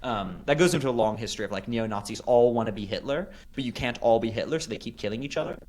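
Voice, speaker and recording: A man's voice: mid-range voice, fast, a little mellow. A man hosting a casual political talk show, ranting sarcastically with frequent swearing. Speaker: podcast host.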